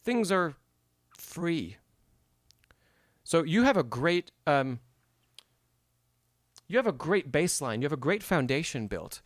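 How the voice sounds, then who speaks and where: A man's voice: on the high side, sing-song, slow, long pauses, no room sound, studio quality. A man giving an encouraging piano masterclass on a live stream, explaining phrasing and humming passages aloud. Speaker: piano teacher.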